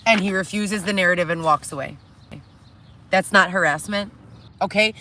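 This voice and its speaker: Middle-aged woman, bright and sharp-edged voice, agitated profane rant to camera, reality show, tent setting. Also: medium pitch, moderate pace, slight background noise. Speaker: reality show cast member. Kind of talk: distraught monologue to camera. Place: inside a tent.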